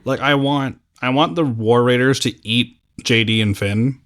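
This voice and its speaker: A man's voice: medium pitch, unhurried, a bit bright. A tired man co-hosting a wrestling podcast, chatting casually in a laid-back way with many fillers. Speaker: podcast co-host. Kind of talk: casual chat.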